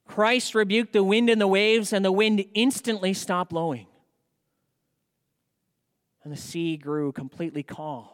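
A male pastor preaching a sermon in a church, animated and asking rhetorical questions. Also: high voice, a little slow, pauses often, clear, resonant tone, big-room sound.

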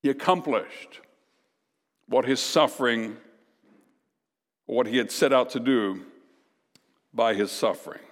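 A man preaching a sermon as pastor, emphatic, with dramatic pauses and repeated lines. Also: medium pitch, in a large hall.

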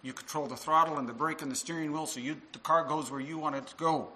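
A man's voice: fairly high pitch, steady tone, fast talker, sharp tone, rough recording. A male minister preaching a sermon to his congregation, earnest and full of rhetorical questions.

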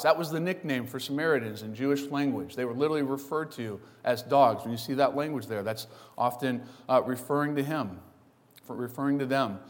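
Emphatic preacher with hall echo. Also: male voice, on the high side. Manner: emphatic, repetitive contrasts. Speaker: pastor. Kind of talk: sermon.

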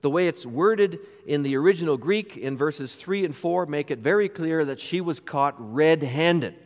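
A man's voice: fairly high pitch, expressive, moderate pace, long reverb tail. A man pastor delivering a sermon, emphatic and full of rhetorical questions.

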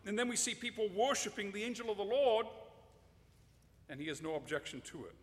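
Guy preaching a sermon, kinda high voice, lots of echo, leans hard on words. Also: expressive, a little fast. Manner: emphatic, addresses children directly.

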